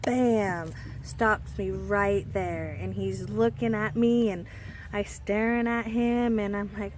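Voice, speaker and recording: A woman's voice: mid-range voice, fairly even intonation, takes it slowly, background noise. A young woman telling a personal story in a casual storytime vlog, rambling with many fillers and restarts. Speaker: storyteller vlogger.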